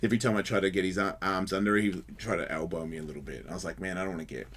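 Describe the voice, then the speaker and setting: A man hosting a radio show, telling a story in a casual and lively way, swearing freely and acting out the other people's voices. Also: sits low, rapid-fire. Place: radio studio.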